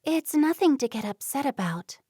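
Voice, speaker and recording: A woman's voice: high-pitched, big pitch swings, moderate pace, dark tone, dry recording, studio quality, voice pushed up. A woman voicing a reserved, stubborn young Amish woman in a storybook reading, speaking plainly. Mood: defensive.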